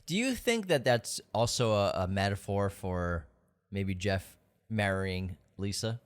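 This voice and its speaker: A man co-hosting a podcast in casual film talk, reading background facts from his notes in a steady, informative way. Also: lowish voice, measured pace, clean tone. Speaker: podcast co-host.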